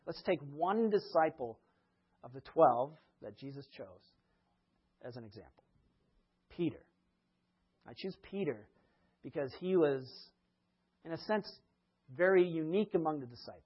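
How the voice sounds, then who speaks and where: A man delivers a sermon in a slightly higher register, his voice husky and a touch breathy. He tells the stories with animation, laughing often and acting out the quotes, and the recording sounds dull and lo-fi. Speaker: preacher. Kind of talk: sermon retelling Bible stories.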